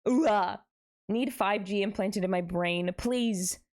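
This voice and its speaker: A young adult woman chats casually with her viewers on a live stream, speaking slowly in a mid-range voice. She's animated and playful, throwing in dramatic exclamations.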